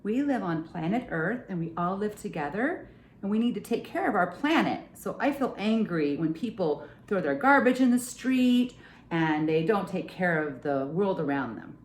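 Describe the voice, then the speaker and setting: A woman's voice: fairly low pitch, normal speed. A young adult woman reading a picture book aloud to children, playful and sing-song, hosting a storytime. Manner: playful, sing-song, animated with silly sounds. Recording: echoey room.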